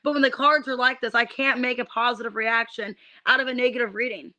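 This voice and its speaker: Woman tarot reader, high tense voice, irritated ranting, swears, stumbles on restarts. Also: fairly even intonation, fairly quick, sharp tone. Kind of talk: livestreamed tarot reading.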